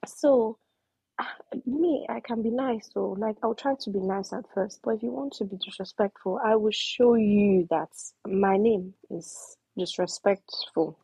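A young Nigerian woman telling a story in casual chat, acting out her own shouting and slipping into pidgin. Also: mid-range voice, a little slow, vocal fry, husky, dry recording, low-quality recording. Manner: animated, switches into pidgin, acts out shouting.

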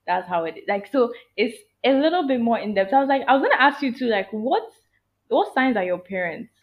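A woman's voice: fairly high pitch, sing-song, a little fast. A woman guest in a casual podcast chat, talking emphatically and laughing often. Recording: tinny phone-like sound.

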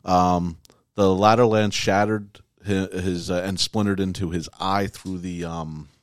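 Deep-voiced man hosting a casual podcast. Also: little pitch movement, unhurried, clean tone, no room sound. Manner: loose and joking, with many fillers and restarts. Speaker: podcast host. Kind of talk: casual podcast chat, reading prophecies.

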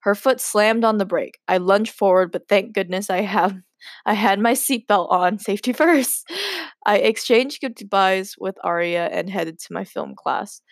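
A woman's voice: medium pitch, unhurried, dry recording, studio quality. A woman hosting a podcast, reading her old story aloud and breaking in with giggly, self-mocking asides. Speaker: podcast host.

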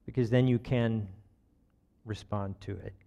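A man giving a relaxed, conversational sermon, telling everyday stories in a folksy way and chuckling at himself. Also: on the low side, measured pace, vocal fry, muffled recording.

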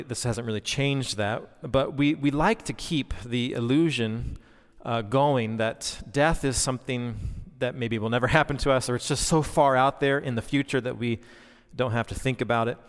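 A man's voice: medium pitch, normal speed, clear, resonant tone. A man in his thirties preaching a sermon, earnest and conversational, with frequent fillers and restarts. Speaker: pastor. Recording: long reverb, hall-like.

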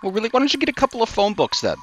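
A man's voice: sits high, huge pitch swings, racing, background noise. A man bantering in a comedy bit, exasperated and incredulous, swearing now and then. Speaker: comedy co-host.

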